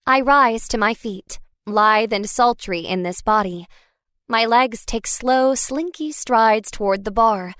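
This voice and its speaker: A woman tells a first-person story in scripted audiobook narration with a higher, light voice. Her delivery is expressive and wry. The recording is dry and close, with no room around her. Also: dry recording.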